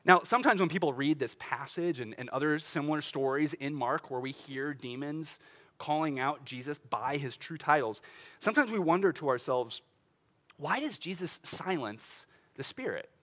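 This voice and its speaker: A middle-aged pastor delivers a sermon in a loose, conversational way. His voice sits a touch high for a man, and he laughs easily and restarts his sentences as he goes. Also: expressive, moderate pace, fairly bright tone. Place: church sanctuary.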